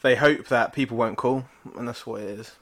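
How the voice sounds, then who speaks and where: A man's voice: medium pitch, moderate pace, a bit bright. A man co-hosting a podcast, in laid-back casual chat with short, agreeing replies. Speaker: podcast co-host.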